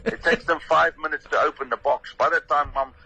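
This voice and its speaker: An older South African man with a very bright, forward tone and a husky edge. He tells stories with lively animation, slipping into the voices of the people he quotes, like a comedian chatting on a radio call-in. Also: on the high side, a little fast, low-quality recording. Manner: animated storyteller who acts out his own quotes. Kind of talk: phone-in radio interview.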